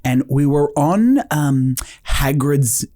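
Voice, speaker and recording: A young man, co-hosting a casual chat show and telling stories animatedly. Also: takes it slowly. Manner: animated storyteller, swoops into high voices for quotes. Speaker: co-host.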